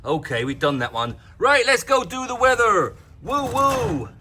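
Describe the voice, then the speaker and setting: Over music, a man with a high voice and wide pitch movement speaks at normal speed. He's the host of a light, jokey weather update filmed outdoors in his garden, addressing the viewer directly in a playful way.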